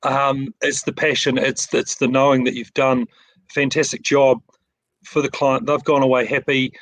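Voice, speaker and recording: A middle-aged man with a New Zealand accent, chatting about his framing shop over a video call. He is keen and restarts his sentences often, repeating words as he goes. His voice sits at an ordinary pitch and sounds dry and close. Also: flat delivery, moderate pace, fairly bright tone, no room sound, low-quality recording. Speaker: picture framing shop owner. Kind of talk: casual interview chat.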